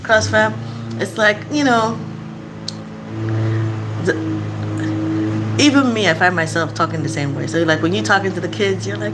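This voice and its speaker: A woman's voice: medium pitch, normal speed, pauses often, music in the background. A woman from Africa, a mother, telling stories casually and acting out voices with frequent laughter. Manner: animated, acts out voices, laughs often. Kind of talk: casual storytelling vlog.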